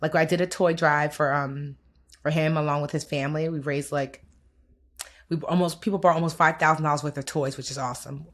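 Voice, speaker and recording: A deep-voiced woman with an American accent speaks briskly and steadily while co-hosting a chatty podcast. She's candid and reflective about the year, with a noticeable weariness.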